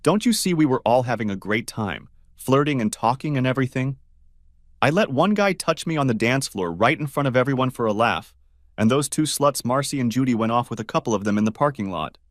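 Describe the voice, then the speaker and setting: A man's voice: mid-range voice, lively intonation, a little fast, no echo, clean studio sound, lightly acted. A man voicing a frank, exasperated young woman friend in a story reading. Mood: blunt.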